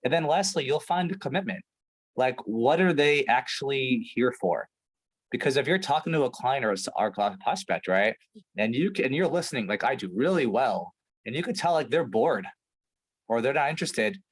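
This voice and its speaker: A man's voice: medium pitch, expressive, normal speed, breathy edge, poor audio. A man coaching a sales team over a video call, talking emphatically with lots of "right?" and "like". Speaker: sales trainer.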